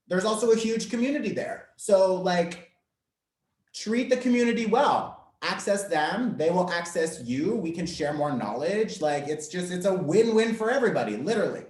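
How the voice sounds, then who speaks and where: A man's voice: a little high, a little mellow. A young man hosting an astrology workshop, talking casually with lots of "like" and the odd swear word. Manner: chatty, swears casually, fillers like "like". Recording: echoey room.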